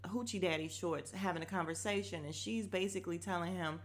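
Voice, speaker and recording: A woman's voice: on the low side, steady tone, brisk. A woman hosting a podcast, recapping a reality show in a blunt, opinionated way, swearing freely and getting heated when something annoys her. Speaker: podcast host.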